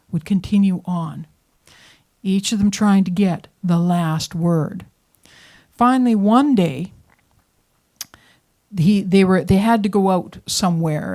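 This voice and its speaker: Woman telling a story. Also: medium pitch. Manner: lively, dramatic pacing, drops to whispers for suspense. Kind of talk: live storytelling to an audience. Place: performance venue showroom.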